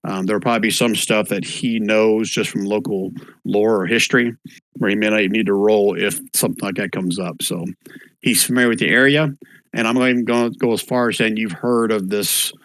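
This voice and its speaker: A man's voice: fairly low pitch, steady tone, brisk, a bit bright, no room sound, rough recording. A man running an online tabletop one-shot as game master, easygoing, with lots of fillers, spelling out names as he goes. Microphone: voice chat microphone.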